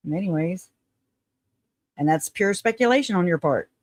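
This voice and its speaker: A woman's voice: on the low side, lively intonation, normal speed, darkish tone, no echo, studio quality. A woman host with a Southern twang, reading news articles aloud and breaking off into sarcastic asides. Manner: sarcastic asides, reads with stumbles.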